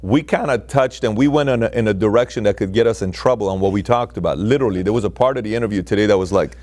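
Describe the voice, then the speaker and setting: A man being interviewed as a guest, telling stories in an animated way and often restarting and repeating his words. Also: on the low side, fast. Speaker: podcast guest. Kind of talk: interview conversation.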